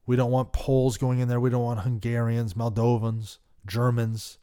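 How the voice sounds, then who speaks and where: A man hosting a podcast, giving passionate political commentary that swings from loud outbursts to quiet worry. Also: mid-range voice, level tone, moderate pace, clean tone. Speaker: podcast host.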